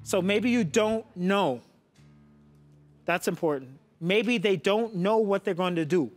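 A man's voice: sits high, measured pace, soft background music. A man coaching a contemporary dance class, coaxing his students and often checking with a "yeah?". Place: dance studio.

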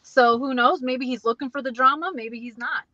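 Bright laughing woman guest. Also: high voice, moderate pace, no echo, muffled recording. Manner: laughs often, easygoing. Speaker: podcast guest. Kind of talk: casual chat.

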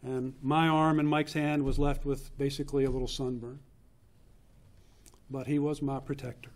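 A man in his fifties gives a eulogy for his older brother in a funeral home chapel, telling family stories in an earnest, unhurried way with pauses for effect. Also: mid-range voice, level tone, darkish tone. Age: 50s. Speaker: eulogist, younger brother of the deceased. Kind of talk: memorial eulogy, personal storytelling.

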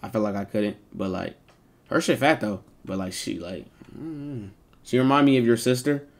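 A man streaming live and chatting with his viewers in animated, joking banter full of slang and swearing. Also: fairly low pitch, moderate pace.

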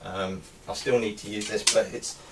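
A man's voice: lowish voice, steady tone, moderate pace. A man giving a casual show-and-tell of his helmet collection, talking hesitantly with many ums and restarts. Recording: distant mic with faint background noise.

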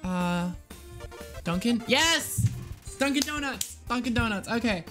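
An excitable streamer chatting through a game, quick to laugh and swear. Faint music plays under the voice. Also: mid-range voice. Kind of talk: live game streaming chat.

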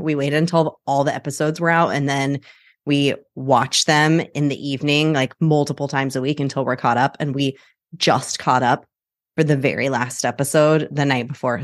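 A woman hosting a solo podcast, talking in a chatty, animated way and laughing often. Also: low-pitched, no echo, clean studio sound. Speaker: podcast host. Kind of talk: casual solo podcast talk.

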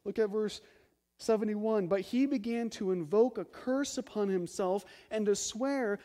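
At a moderate pace, a pastor preaches with a high, bright-pitched voice and strong emphasis, continually asking rhetorical questions. He falls into low, hushed phrasing between his loud stresses.

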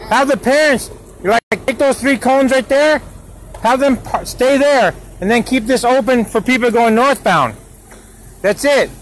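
On a street beside a school, a man films with his phone as he argues hotly with road workers, repeating himself over and over. His voice is very high and his pace measured. This handheld confrontation vlog by a parent is roughly recorded, with slight background noise.

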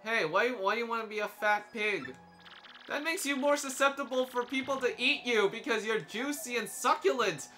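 A young man giving casual, joking gameplay commentary as he plays, sarcastic and quick to laugh. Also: extremely high pitch, pushed and bright, soft background music. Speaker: let's play commentator.

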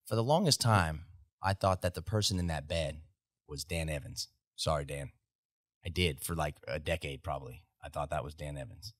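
A man's voice: rumbling low, moderate pace, dry recording, clean studio sound. A man in his thirties with an American accent, a veteran guest telling profane army stories in casual podcast talk. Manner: profane, animated anecdote telling. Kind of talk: casual storytelling. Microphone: podcast studio mic.

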